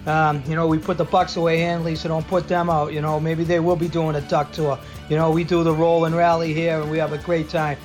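A man's voice: fairly high pitch, level tone, a little fast, hardly any pauses, darkish tone, faint music behind, natural voice. A man doing a comic Boston-accented sports-fan character on a radio show, rambling and folksy, boastful about his hometown teams. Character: brash Boston sports-fan guy, middle-aged man.

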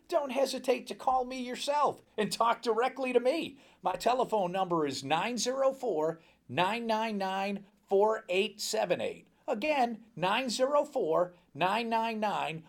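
A male talk show host with a high, gravelly voice. He pitches his business in a cheerful sales style and spells out his contact details slowly and with emphasis. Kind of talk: casual promotional talk.

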